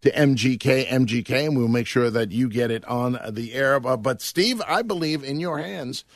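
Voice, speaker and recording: A man's voice: mid-range voice, normal speed, no room sound, clean studio sound. A man hosting a classic rock radio morning show, chatting casually and laughing easily with his co-hosts. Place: radio studio.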